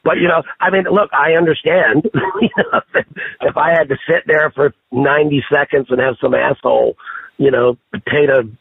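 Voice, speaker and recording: A man on a podcast telling stories in a casual, profane, animated way. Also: on the high side, normal speed, vocal fry, husky, dry recording. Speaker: podcast guest. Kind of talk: casual storytelling chat. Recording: tinny phone-line sound.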